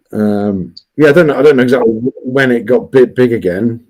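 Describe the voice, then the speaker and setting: A man chatting casually as a guest on a livestream, rambling with many restarts and fillers, talking loudly. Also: medium pitch, fairly quick, few pauses, rough recording. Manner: says he is always loud.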